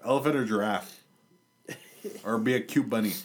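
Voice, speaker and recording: A man's voice: fairly low pitch, normal speed. A man co-hosting a casual podcast, reading odd news stories aloud and laughing often. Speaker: podcast co-host.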